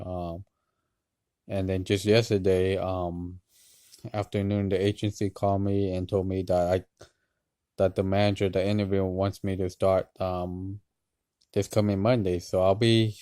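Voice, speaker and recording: A tired man talking hesitantly to camera in a personal vlog, with many pauses and restarts. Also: deep voice, no room sound. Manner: hesitant, many ums and restarts, soft-spoken. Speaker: vlogger.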